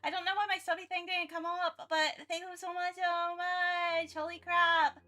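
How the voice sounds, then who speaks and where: Excitable bright-voiced woman streamer. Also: very high voice, normal speed. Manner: excitable, chatty, rambling with many restarts. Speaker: art streamer. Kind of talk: casual livestream chat.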